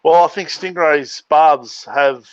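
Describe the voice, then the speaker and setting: Laid-back Australian man, slightly high voice. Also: slow, dry recording, dull audio. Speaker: guest. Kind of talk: casual live stream chat.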